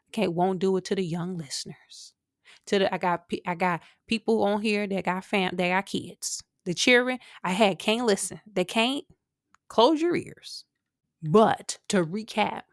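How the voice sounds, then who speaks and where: A woman's voice: mid-range voice, no room sound. Chatty woman podcast host, dry sound. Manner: chatty and animated, with asides to listeners. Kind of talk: casual commentary monologue.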